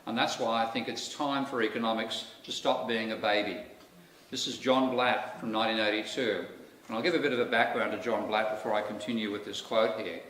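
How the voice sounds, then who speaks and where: A man's voice: lowish voice, a bit bright. A man with an Australian accent giving a public lecture in a wry, candid way, full of asides. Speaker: guest lecturer. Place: lecture hall. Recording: echoey hall, distant mic, faint noise.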